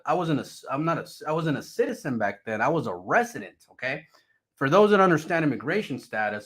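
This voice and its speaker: A man telling his own story off the cuff, swearing freely and playing up the drama. His voice sits a little higher than most men's and swings widely up and down as he tells it. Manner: profane, animated, dramatic retelling. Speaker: streamer telling a personal story. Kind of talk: casual storytelling.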